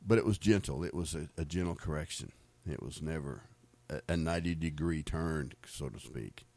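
A middle-aged American man with an extremely low, mellow voice tells faith stories at a moderate pace. His testimony is casual and rambling, full of repeated words and laughter.

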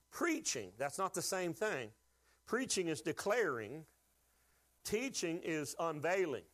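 A man preaching a sermon to his church, folksy and joking, asking the congregation to call out answers. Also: a little high. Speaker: pastor.

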